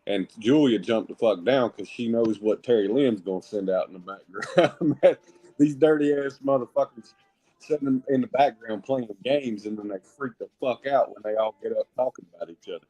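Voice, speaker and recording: A man's voice: mid-range voice, moderate pace, dark tone, poor audio. A man on a livestream panel ranting casually in heated, profane bursts. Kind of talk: casual chat.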